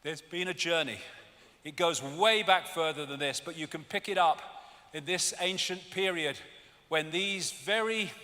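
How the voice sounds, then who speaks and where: A man's voice: a little high, sharp tone. A man giving a stage lecture, ranting and sarcastic, swearing often. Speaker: public speaker. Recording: long hall reverb, faint audience.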